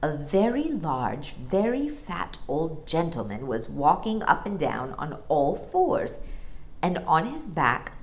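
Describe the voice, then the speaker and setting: A woman reading a children's storybook aloud as a storyteller, expressive and lilting. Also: deep voice, slow.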